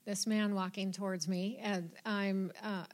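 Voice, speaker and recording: A woman telling a personal story in a chatty, lively way, acting out her own thoughts. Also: medium pitch, unhurried. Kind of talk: casual storytelling.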